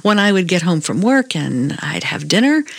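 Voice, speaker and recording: A woman's voice: on the low side, very animated, normal speed, vocal fry, no room sound. A middle-aged woman hosting a health talk show as a hypnotherapist, upbeat and coaching as she explains things step by step. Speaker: radio show host, hypnotherapist.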